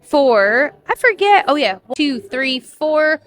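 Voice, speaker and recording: A woman's voice: sits high, very animated, slow, a bit bright. A woman hosting a casual board game night, chatty and encouraging, rambling a bit as she reads cards. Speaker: host.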